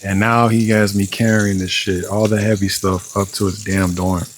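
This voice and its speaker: A man's voice: fairly low pitch, level tone, normal speed, slight background noise, poor audio. A young man telling a story in a casual cooking vlog, swearing often and sounding exasperated, with lots of filler words. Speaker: vlogger. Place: home kitchen.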